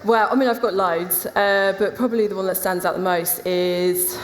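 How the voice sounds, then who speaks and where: A woman's voice: medium pitch, steady tone, moderate pace. Frank, laughing woman on a live panel. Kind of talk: live comic storytelling. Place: stage in a large hall with live audience. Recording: echoey hall, noisy room.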